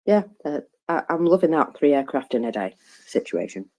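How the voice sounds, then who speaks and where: A chatty English woman co-hosting a casual audio chat. Her voice sits low but swings widely in pitch. She laughs at her own slips while reading out figures. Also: big pitch swings, normal speed, a little mellow. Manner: chatty, self-deprecating, laughs between figures. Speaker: co-host reading daily figures. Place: online audio space.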